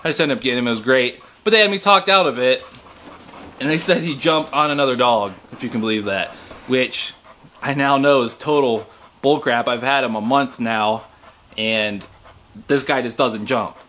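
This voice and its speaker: A man's voice: normal speed, sharp tone. A man at home chatting casually into a handheld camera about his rescue dog, with a faint hiss behind him. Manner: talks to dogs in a high baby voice, then chats casually. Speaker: dog owner. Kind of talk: casual home video chat.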